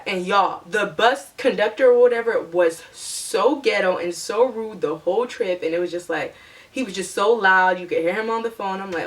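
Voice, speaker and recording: A woman's voice: mid-range voice, normal speed, far from the mic. Chatty young woman telling a story. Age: young adult. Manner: chatty, animated, acts out her own past lines. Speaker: vlogger. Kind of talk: storytime vlog.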